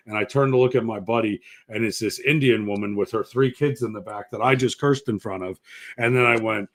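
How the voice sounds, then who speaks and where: A man's voice: medium pitch, lively intonation, fairly quick. A man hosting a casual podcast, telling stories bluntly and swearing freely while teasing his crew. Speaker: podcast host. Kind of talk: casual chat, profane storytelling.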